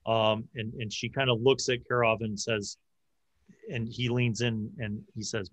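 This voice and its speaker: A man's voice: mid-range voice, steady tone, no room sound. A man narrating a tabletop game as game master, often restarting his sentences. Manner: halting, frequent restarts.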